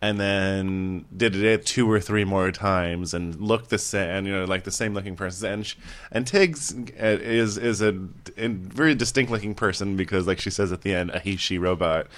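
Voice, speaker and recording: Deep-voiced male host, casual and rambling, chats loosely with a co-host. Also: steady tone. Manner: rambling, halting, laughs often. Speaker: radio show host. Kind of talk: casual chat.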